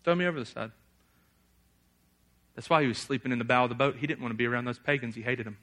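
A young man preaching a sermon, animated, often acting out a figure's angry prayer in a loud raised voice. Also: mid-range voice, rapid-fire.

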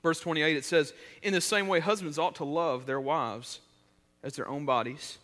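A man preaching a sermon in a casual, conversational way, with many restarts, swinging between loud emphasis and quiet, intimate stretches. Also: fairly high pitch, normal speed, in a large hall. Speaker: pastor.

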